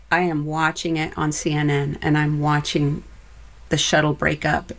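A woman's voice: low voice, creaky. A woman, a former flight director, answering interview questions in an earnest, reflective way.

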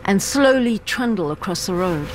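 A woman narrating a news report in a measured, scripted way. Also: medium pitch, animated, noisy background. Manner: measured, clear storytelling.

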